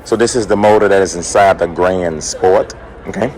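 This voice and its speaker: A man from the American South, hoarse, hosting a car vlog in an upbeat, chatty way that speaks straight to his viewers. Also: low-pitched, normal speed, darkish tone. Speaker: car channel host. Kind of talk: casual vlog talk to camera. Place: conference room at a car event.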